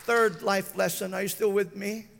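High, gravelly-voiced male preacher. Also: flat delivery, moderate pace, a bit bright, big-room sound. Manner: preaching with frequent call-outs to the listeners. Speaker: pastor. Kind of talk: sermon.

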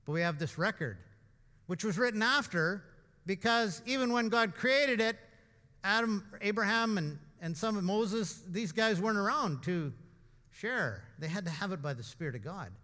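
A man's voice: sits high, animated, normal speed, pushed and bright. A man pastor giving an informal, emphatic sermon full of asides and rhetorical questions, with the long reverb of a church hall. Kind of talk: conversational sermon.

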